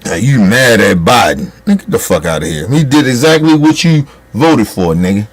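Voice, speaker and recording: A man's voice: mid-range voice, expressive, moderate pace. A man delivering a heated, profane political rant as a commentator, scolding his listeners.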